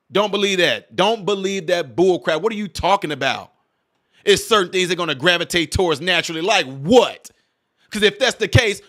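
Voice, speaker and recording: A man's voice: sits high, pushed and bright. A man hosting a reaction video who talks straight to his viewers and fires off mocking rhetorical questions in exasperation. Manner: addresses viewers directly as y'all. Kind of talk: reaction commentary.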